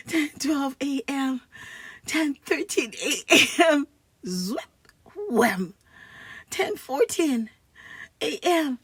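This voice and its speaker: High-voiced woman reading a comic aloud. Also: no echo. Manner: laughs often while reading; slow, expressive read-aloud. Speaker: children's book reader.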